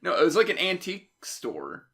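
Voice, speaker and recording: A man's voice: a little high, wildly swooping pitch, brisk, a bit bright. A man co-hosting a casual movie review podcast, summing up a plot in a loose, rambling way and laughing often. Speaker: podcast co-host.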